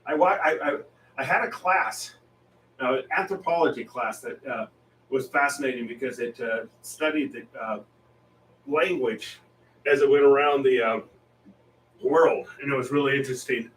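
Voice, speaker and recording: A man's voice: mid-range voice, moderate pace, a bit bright, distant mic, slight background noise. Easygoing man chatting in a roomy space. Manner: rambling and easygoing, laughs often. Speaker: painting stream host. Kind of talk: casual chat while painting. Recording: roomy sound, off-mic.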